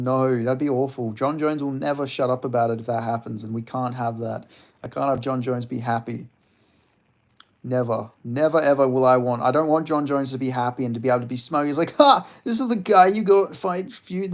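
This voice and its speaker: A man with a gravelly, mid-range voice chats casually on a live stream. He rambles and swears while reading chat questions aloud and answering them.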